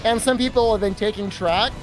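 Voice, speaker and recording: A man with a high voice chats casually on a livestream, wandering through a self-deprecating story. He talks into a desk mic, and a clear layer of background noise runs underneath. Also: brisk. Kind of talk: casual stream chatter.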